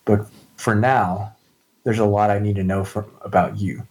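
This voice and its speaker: A man's voice: fairly low pitch, steady tone, moderate pace, a little mellow, natural voice. A man voicing a commanding young princess with a sword, speaking firmly and making demands. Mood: stern. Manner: firm, demanding and matter-of-fact.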